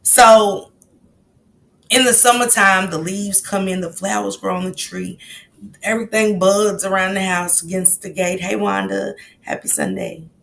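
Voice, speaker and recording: A woman's voice: mid-range voice, fairly even intonation, a little slow, creaky, a bit bright, slight background noise. A woman hosting a casual livestream, chatting easily and greeting her viewers one by one by name. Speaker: livestream host.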